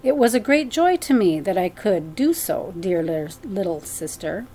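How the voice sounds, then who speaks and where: Woman reading gentle man, kindly, soft-spoken, audiobook story, mid pitch. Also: expressive, a little slow, a little hiss or hum, close to an everyday voice.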